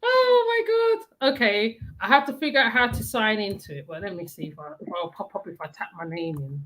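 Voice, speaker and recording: A woman hosting a casual chat, animated, repeating herself and laughing often. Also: mid-range voice, brisk. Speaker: host.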